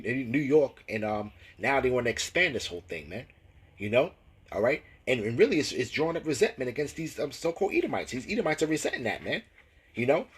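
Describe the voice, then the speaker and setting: Husky male scripture teacher, mid pitch, slow verse reading, stammering asides tagged "man, you know?". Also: low-quality recording. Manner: reads scripture slowly and deliberately. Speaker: religious teacher.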